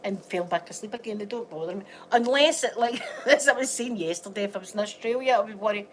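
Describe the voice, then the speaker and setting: A home vlog features a Scottish woman who is unwell, rambling and chatting casually with plenty of laughter. Her voice is mid-range and fast, with a little hiss or hum in the audio.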